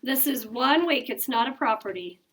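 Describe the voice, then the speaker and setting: A middle-aged woman teaching a math lesson to her class, brisk and coaxing, asking questions as she goes. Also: a little high, expressive, fairly bright tone. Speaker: elementary school teacher.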